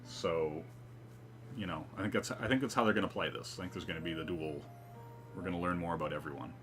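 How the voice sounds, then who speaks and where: Low-voiced man in game commentary. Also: quick pace, music in the background. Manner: loose, profane, reads all dialogue aloud. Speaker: let's-play host. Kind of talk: casual gameplay commentary.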